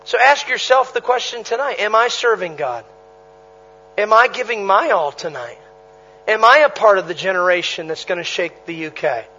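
A traveling preacher man with a very high, bright, sharp voice, telling revival stories with punchy repetition and quick laughs. The recording is dull and lo-fi. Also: animated. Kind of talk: sermon.

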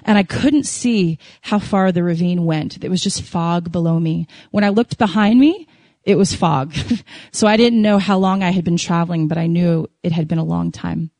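A woman's voice: on the low side, moderate pace, vocal fry, no echo. Woman telling an emotional testimony. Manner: animated, emotional storytelling with laughs and acted prayers. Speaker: speaker sharing a testimony. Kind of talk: sermon testimony.

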